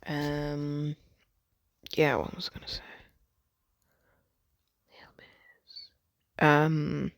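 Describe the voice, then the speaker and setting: A man's voice: a little high, monotone, drawn-out words, gravelly, long pauses, dry recording, clean studio sound. A man rambling through a fan story, swearing a lot, cutting himself off and joking about it. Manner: rambling, sweary, self-interrupting, jokey.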